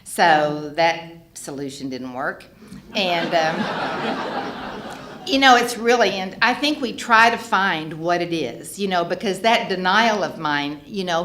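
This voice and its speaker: An older woman telling her personal recovery story in an animated way, laughing often as she speaks. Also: lowish voice, unhurried, slight background noise. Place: meeting hall. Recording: echoey hall, faint ambience.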